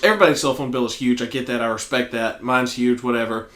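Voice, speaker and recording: A man's voice: medium pitch, fast. A man from the American South, a podcast co-host telling a rowdy retail story in casual, profane chat. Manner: profane, animated storyteller acting out quotes. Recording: echoey room.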